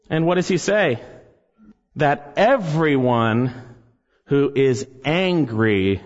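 A man's voice: high-pitched, in a large hall, lo-fi sound. A man preaching an expository sermon, building emphasis as he quotes scripture. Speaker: pastor.

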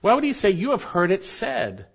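High-pitched guy preaching in a church, real animated, repeats stuff for emphasis, muffled lo-fi recording. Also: moderate pace, husky. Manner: emphatic, repeats key phrases. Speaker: pastor. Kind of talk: expository sermon. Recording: dull lo-fi sermon recording.

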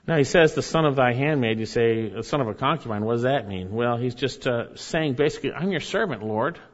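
Guy preaching a sermon, gets loud then goes quiet reading verses, kinda muffled recording. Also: mid-range voice, a little fast. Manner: expressive preaching, swings from loud emphasis to hushed reading of scripture. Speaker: pastor.

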